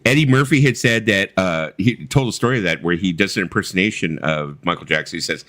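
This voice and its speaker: A man co-hosting a casual livestream chat, telling stories in a blunt, profane, animated way. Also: low voice, quick pace, hardly any pauses. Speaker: co-host of a livestream.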